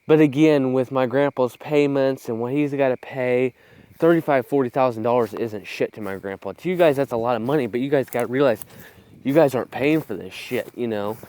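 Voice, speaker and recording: A man's voice: medium pitch, a little fast, darkish tone. A young man filming a casual vlog outdoors on a phone while walking his farm fields, rambling bluntly with profanity and short of breath. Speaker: vlogger. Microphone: phone camera.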